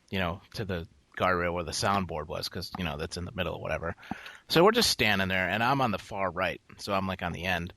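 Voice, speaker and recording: Man, low pitch, dry close mic, podcast co-host, animated swearing storyteller. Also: no echo. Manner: animated, profane storytelling with loud outbursts. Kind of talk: casual podcast chat.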